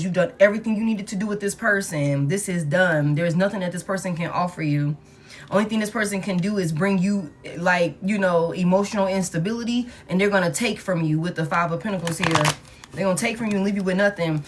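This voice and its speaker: A woman with a fairly low voice reads tarot in a loose, conversational way. She is blunt and swears freely, repeating key lines over and over for emphasis. A faint background ambience sits under her voice. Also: a little fast, a little hiss or hum. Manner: blunt, profane, emphatic repetition. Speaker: tarot reader. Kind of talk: casual collective tarot reading.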